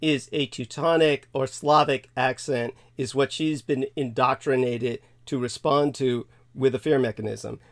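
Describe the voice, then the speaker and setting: A man hosting a casual chat, starting with halting restarts and then lecturing insistently. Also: mid-range voice, steady tone. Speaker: show host.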